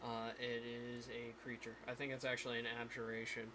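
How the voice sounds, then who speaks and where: A man acting as game master on a live stream, thinking aloud with many pauses as he runs the scene. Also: mid-range voice, completely flat delivery, noisy background.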